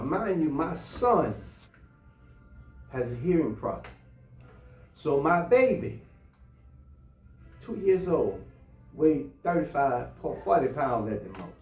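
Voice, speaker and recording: A man's voice: on the high side, a little mellow. A man telling a personal anecdote in a casual, blunt and heated way, with lots of cursing. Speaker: storyteller. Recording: roomy, distant mic, faint music.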